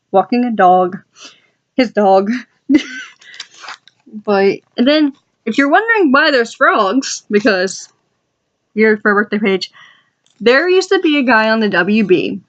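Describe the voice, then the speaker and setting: A woman's voice: a little high, highs cut off. A woman vlogger chatting casually and with enthusiasm as she flips through her journal, adding asides to her viewers. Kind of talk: casual rambling chat.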